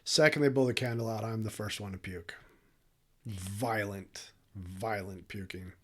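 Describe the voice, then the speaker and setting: A man's voice: lowish voice, unhurried. A man co-hosting a podcast, telling a story in a candid, emotional, profane way and laughing often. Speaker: podcast co-host. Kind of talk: casual storytelling chat.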